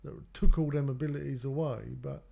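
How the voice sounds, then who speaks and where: A man's voice: mid-range voice, steady tone, fairly quick, gravelly, lo-fi sound. A man telling his own life story in a loose, rambling way, acting out what others said to him. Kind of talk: personal storytelling.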